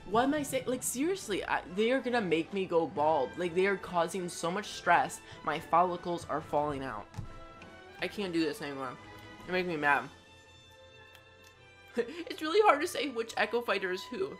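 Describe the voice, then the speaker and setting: Excitable woman gushing at a trailer. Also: lowish voice, normal speed, soft background music. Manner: gushing, excitable, loud exclamations and jokey asides. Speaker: YouTuber reacting to a game trailer. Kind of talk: excited reaction commentary.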